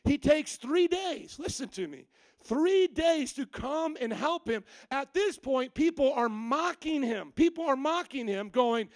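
Man, pastor, sermon, high-pitched, dry sound, playful storyteller. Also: measured pace, dry recording. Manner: animated storytelling, acting out quoted lines with humor. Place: church service.

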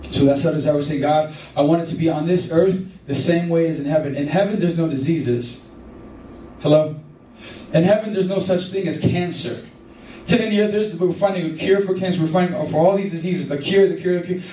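A man preaching a sermon as pastor, telling stories in an animated way and rising to excited emphasis. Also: a little high, slight background noise. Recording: echoey room from far off.

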